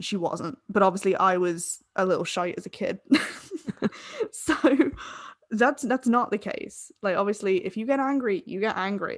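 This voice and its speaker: This is a woman talking into a desk mic, loose and a little tipsy, chatting in long rambling runs, laughing as she goes and swearing now and then. Her voice sits at a middle pitch and sounds dry and close, with no room in it. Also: no room sound. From Ireland. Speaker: podcast co-host. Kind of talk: casual tipsy chat. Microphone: desk microphone.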